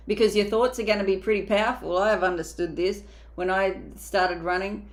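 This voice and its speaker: A woman's voice: medium pitch, steady tone, a little fast, few pauses. Woman mindset coach, casual motivational talk, emphatic, plain mid voice. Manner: emphatic, acts out inner voices, casual asides.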